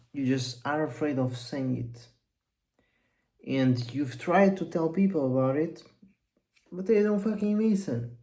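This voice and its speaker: A man's voice: on the high side, warm tone, poor audio. A young man giving a blunt, profane motivational monologue as a coach, rambling and intense.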